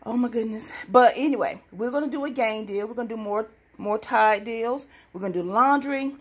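Excited chatty woman vlogger. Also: fairly high pitch, brisk, breathy edge. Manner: chatty, excitable, addresses viewers as y'all. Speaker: couponing vlogger. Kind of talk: casual deal-hunting vlog.

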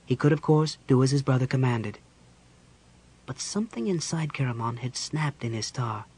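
A man reading a fantasy audiobook aloud in a measured storytelling manner. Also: medium pitch, a little mellow. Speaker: audiobook narrator. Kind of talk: scripted fantasy narration.

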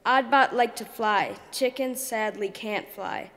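A woman reading her own story poem aloud at a reading event, slow and deliberate. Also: a little high, a bit bright. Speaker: poetry reader. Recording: long hall reverb.

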